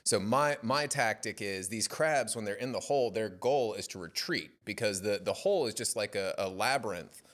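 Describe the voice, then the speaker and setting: A man, a podcast guest, telling fishing stories in a casual interview with an animated, playful manner. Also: lowish voice, normal speed, few pauses. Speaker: podcast guest, yacht club commodore.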